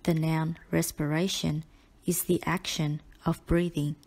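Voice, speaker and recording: A woman tutor reading a spelling list aloud, with definitions and example sentences, in a measured and carefully enunciated way. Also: sits low, little pitch movement, darkish tone, husky. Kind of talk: slow spelling-list dictation.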